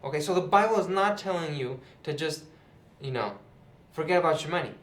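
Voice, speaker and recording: A man's voice: fairly high pitch, a little fast. A young man retelling a Bible parable in a chatty, casual way, seated indoors. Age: young adult. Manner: chatty, with many fillers like "you know" and "right". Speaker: youth Bible teacher, channel host. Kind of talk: casual Bible lesson to camera. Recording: roomy echo.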